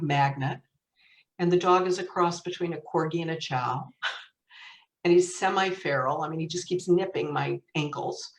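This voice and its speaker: Middle-aged woman author, low-pitched and animated, heard from a distance in an echoey room over a video call. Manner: lively anecdotal storyteller, laughs often. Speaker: author and guest. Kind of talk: storytelling in conversation. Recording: roomy echo, distant mic.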